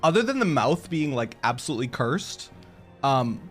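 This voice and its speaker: Giggly, animated male game streamer. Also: mid-range voice, moderate pace, soft background music. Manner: giggly, self-mocking, laughs a lot. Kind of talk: casual live-stream chat with viewers.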